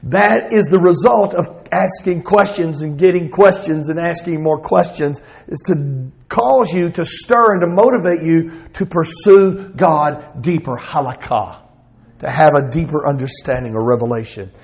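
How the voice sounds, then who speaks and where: Southern US male pastor, middle-aged, high pitched, expressive sermon delivery. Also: a little slow, creaky, rough recording. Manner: expressive preaching, voicing Jesus in bursts.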